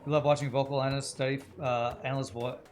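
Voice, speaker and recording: A man in casual livestream chat, talking through his game and wandering off into musings about how voices work. His voice sits at an ordinary middle pitch, and soft game music plays faintly behind him. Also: flat delivery, quick pace. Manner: chatty, muses aloud about voices and accents while playing. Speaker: streamer.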